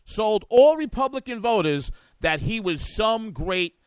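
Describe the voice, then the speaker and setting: A man's voice: high-pitched, big pitch swings, unhurried, clear, resonant tone, no echo. A man hosting a talk show, giving combative, sarcastic political commentary. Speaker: radio talk show host.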